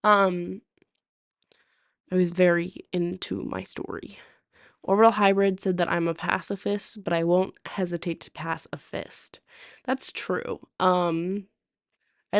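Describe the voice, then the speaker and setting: Young woman streamer, lowish voice, rambling casual storyteller with lots of fillers. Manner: chatty, many fillers and restarts. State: hiccups.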